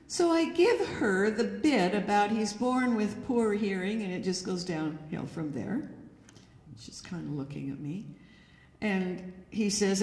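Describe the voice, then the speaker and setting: A woman's voice: mid-range voice, very animated, a little slow, darkish tone. A woman giving an educational talk to an audience, telling anecdotes and acting out the quoted dialogue. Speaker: lecturer. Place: church hall. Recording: echoey hall with long reverb.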